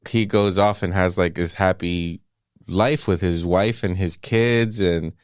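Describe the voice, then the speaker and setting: A man with a deep, smooth voice recaps a film for a podcast in a loose, profane way. He jumps into acted-out quotes as he goes. The recording is dry and close. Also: steady tone, unhurried, no room sound. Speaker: podcast co-host. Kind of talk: casual movie-review chat.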